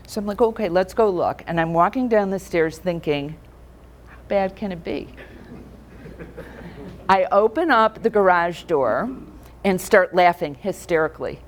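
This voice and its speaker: A woman's voice: fairly low pitch, measured pace, long pauses. A middle-aged woman giving a conversational keynote talk to a room of financial advisors, telling stories and putting questions to the audience.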